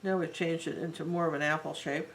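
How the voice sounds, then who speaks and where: A woman's voice: sits low, fairly even intonation, quick pace, slight background noise, poor audio. A woman teaching a live painting tutorial, talking in a chatty and rambling way as she works. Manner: chatty, rambling and warmly enthusiastic. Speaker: art teacher.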